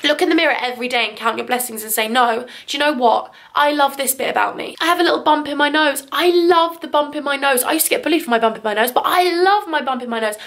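A woman's voice: sits high, quick pace, hardly any pauses, a bit bright. Gushing young Englishwoman vlogging at home. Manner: gushing, emotional, upbeat. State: teary. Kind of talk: casual vlog to camera. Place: home living room. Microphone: handheld vlog camera.

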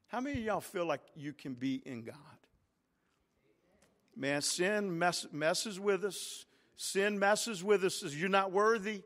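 High-voiced man preaching in a reverberant sanctuary. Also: unhurried, fairly bright tone. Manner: preaching with call-and-response, rising to emphatic peaks. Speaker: pastor. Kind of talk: sermon. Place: large church sanctuary.

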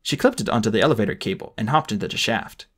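A man narrates a novel for a homemade audiobook, reading with dramatic expression. His pitch moves a lot, and his voice carries a slightly husky grain. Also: lively intonation, fast, a bit bright. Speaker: audiobook reader.

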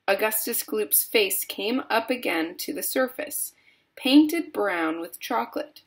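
A woman reading a children's book aloud slowly and expressively. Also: mid-range voice, vocal fry. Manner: slow, steady, expressive reading. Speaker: storyteller.

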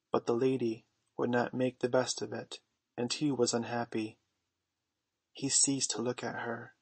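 Slow husky male audiobook narrator. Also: medium pitch, dry recording. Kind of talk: scripted storybook narration.

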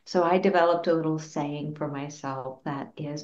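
A woman psychologist answering interview questions in an earnest, gently explanatory way, acting out little quotes. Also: low-pitched, steady tone, moderate pace, few pauses. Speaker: clinical psychologist guest. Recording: roomy, dull lo-fi sound.

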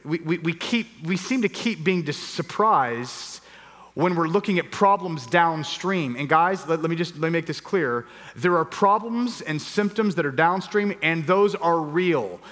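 A man's voice: a little high, lively intonation, unhurried, a bit bright. A middle-aged man preaching a sermon, telling a personal story and acting out his own reactions with animation. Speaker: pastor. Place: church hall. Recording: long reverb of a church hall.

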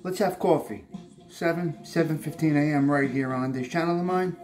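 A man's voice: fairly high pitch, brisk, faint music behind. Chatty man hosting a morning coffee vlog. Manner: relaxed, chatty, rambling with fillers. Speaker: host of a morning coffee show. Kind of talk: casual morning vlog talk.

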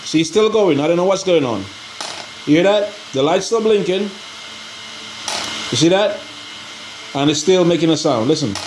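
A man's voice: on the high side, animated, normal speed, long pauses. Exasperated man pleading over background noise. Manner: exasperated, rambling, pleading for help. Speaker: RC hobby channel host. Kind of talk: casual vlog talk to viewers. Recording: noisy ambient background.

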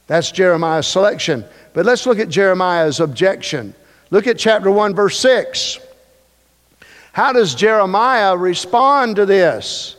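A man's voice: sits high, lively intonation, unhurried. A male pastor preaching a sermon, emphatic and repetitive, with joking asides. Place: church sanctuary. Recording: long reverb of a church hall.

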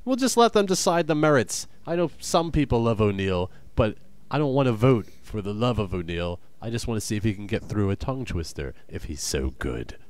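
A man's voice: fairly low pitch, expressive, fairly quick, few pauses, a little mellow. A young man co-hosting a comedy podcast, bantering in a teasing, crude way. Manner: teasing and crude, trash-talking. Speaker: podcast co-host.

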